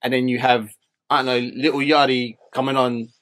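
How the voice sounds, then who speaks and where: A man's voice: mid-range voice, level tone, moderate pace, fairly bright tone. A man co-hosting a casual podcast chat, blunt and firm in his opinions. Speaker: podcast co-host.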